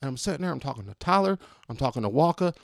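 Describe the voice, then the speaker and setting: A man telling a long story in casual chat, animated and swearing freely. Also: medium pitch, rapid-fire, gravelly, no room sound, studio quality. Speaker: podcast host telling a story.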